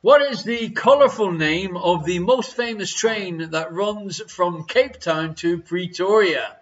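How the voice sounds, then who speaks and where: Jokey quiz host. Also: male voice, high-pitched, slow pace, dull audio. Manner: jokey, chuckles between questions. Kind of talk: live-streamed quiz chat.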